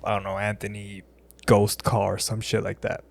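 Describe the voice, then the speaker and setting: A man's voice: fairly low pitch, completely flat delivery, moderate pace, gravelly, no echo. A man with a West Texas accent hosting a podcast, chatting loosely, swearing, and filling in background for viewers. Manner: loose and profane, explains things for viewers. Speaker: podcast host. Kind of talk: casual podcast chat.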